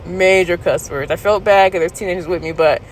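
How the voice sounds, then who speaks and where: A woman vlogger casually recounting a story to her viewers, candid and laughing, jumping into high squeals when she quotes herself. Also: a little fast, slight background noise, low-quality recording. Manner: animated retelling, jumps to high squeals when quoting herself.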